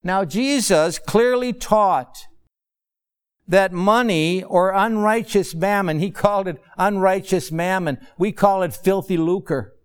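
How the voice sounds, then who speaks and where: A man delivering a sermon at an unhurried, deliberate pace. His voice sits high for a man and stays smooth and clear, and he often comes back to the same phrase to drive it home. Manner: slow, measured preaching with repeated phrases. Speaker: pastor.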